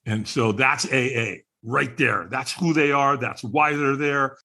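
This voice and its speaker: A man's voice: medium pitch, fairly even intonation, measured pace, creaky, sharp tone. A middle-aged man, a podcast guest, candidly telling his personal story in conversation, earnest and chuckling now and then.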